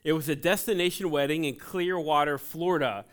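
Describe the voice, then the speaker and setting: A man in his forties from Ohio preaching a sermon in a church, conversational and joking, telling animated personal stories. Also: fairly high pitch, brisk, clear, resonant tone. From Ohio, USA. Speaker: pastor. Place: church sanctuary.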